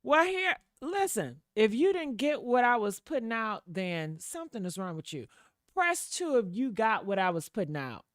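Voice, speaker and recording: Animated, profane woman storyteller, dry room. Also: fairly low pitch, clear, resonant tone, no echo. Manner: animated and profane, acts out quotes, laughs often. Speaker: online show host. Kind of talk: storytime commentary to live viewers.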